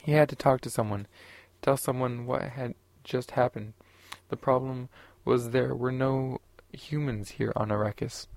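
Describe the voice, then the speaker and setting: Man, audiobook narration, steady and unhurried, even flat pitch, dry close sound. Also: creaky, no room sound.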